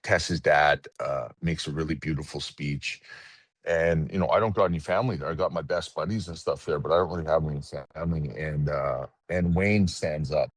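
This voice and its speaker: Very deep-voiced man telling stories. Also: no room sound. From Canada. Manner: emotional, halting, repeats words when moved. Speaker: podcast guest, retired hockey player. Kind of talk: casual storytelling.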